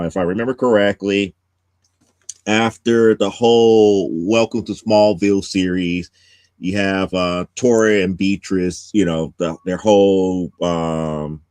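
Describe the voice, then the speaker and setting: A man's voice: low voice, a little mellow, clear, resonant tone, no room sound. A man hosting a casual comics podcast, giving a rambling plot recap with many restarts. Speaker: podcast host.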